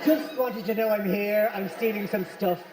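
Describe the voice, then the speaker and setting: A man's voice: high voice, fairly even intonation, normal speed, heavy background noise, natural voice. A man playing an oddly polite, chatty male burglar, in an echoey hall heard from far off.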